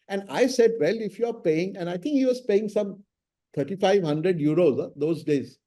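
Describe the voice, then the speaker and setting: A middle-aged man with an Indian English accent speaks in a high-sitting voice at a moderate pace. He's a senior lawyer in an interview, recounting stories about his mentor and acting out the dialogue like a lively raconteur.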